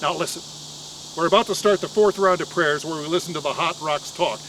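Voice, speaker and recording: A man voicing a solemn woman ritual leader who gives commands in a measured way in a storytelling monologue. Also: a little high, a bit bright, slight background noise, natural voice, rough recording. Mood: stern.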